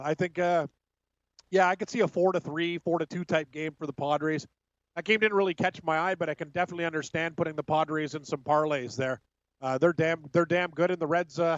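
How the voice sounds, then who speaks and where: A man's voice: on the high side, no room sound, muffled recording. A man hosting a sports betting talk show, casual and teasing, a bit unwell. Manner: quick, joking, teasing. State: feeling unwell.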